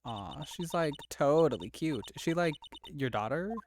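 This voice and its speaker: A man's voice: a little high, expressive, unhurried, slight background noise, pitched above the performer's own voice. A man putting on a ditzy valley-girl voice. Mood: bubbly. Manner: valley-girl, says like a lot. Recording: game music behind.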